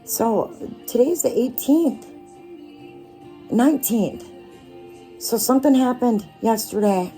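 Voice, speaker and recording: A woman lays out tarot cards for her listeners, speaking slowly and reassuringly in a low, mellow voice. Faint music plays quietly behind her. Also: expressive. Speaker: tarot reader. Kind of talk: casual tarot card reading.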